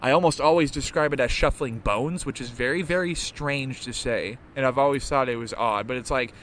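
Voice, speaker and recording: A young man hosts a live podcast interview in a casual, rambling style. His voice sits at an ordinary middle pitch. He strings thoughts together with fillers and swears freely. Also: brisk, a bit bright, slight background noise. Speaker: podcast host.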